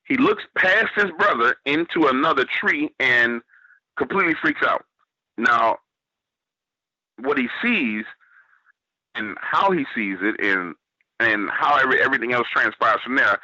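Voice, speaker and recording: A man's voice: medium pitch, pushed and bright, dry recording, lo-fi sound. A man from New Orleans with a Southern accent, telling a story on a radio show and quoting what others said to him. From New Orleans, Louisiana, US. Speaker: guest storyteller.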